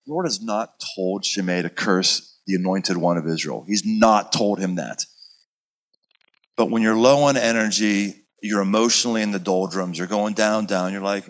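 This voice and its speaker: Animated man giving a sermon. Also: fairly low pitch, normal speed, low-quality recording. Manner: animated, dramatic, acts out scenes. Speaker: pastor. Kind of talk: sermon-style teaching.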